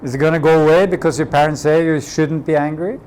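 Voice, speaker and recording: A man's voice: fairly high pitch, fairly even intonation, fast talker, a little mellow, a little hiss or hum. A Norwegian man leading a coaching workshop, speaking unhurriedly in English as a second language and repeating key phrases for emphasis. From Norway. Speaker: workshop leader. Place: community workshop room.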